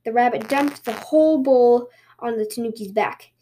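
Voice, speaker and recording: High-voiced woman reading a folktale. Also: normal speed, dark tone, slight background noise. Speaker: podcast host and storyteller.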